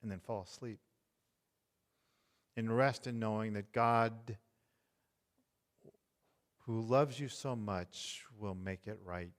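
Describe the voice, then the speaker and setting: A middle-aged man preaching a tender, hushed sermon as pastor. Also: lowish voice, long reverb tail. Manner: slow, tender, hushed delivery.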